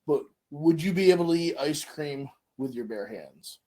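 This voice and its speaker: A man's voice: a little high, normal speed. A middle-aged man co-hosting a casual podcast chat, asking questions and telling stories with acted-out voices. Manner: animated storyteller, acts out voices.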